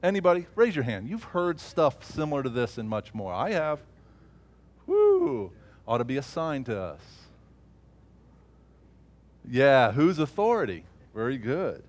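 A man preaching a sermon, swinging from loud emphatic peaks to low murmured asides. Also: big pitch swings, normal speed.

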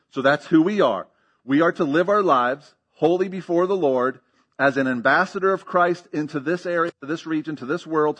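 A man's voice: fairly high pitch, fairly bright tone, lo-fi sound. A man preaching a sermon as pastor, teaching emphatically with rhetorical questions and frequent checks of "okay?".

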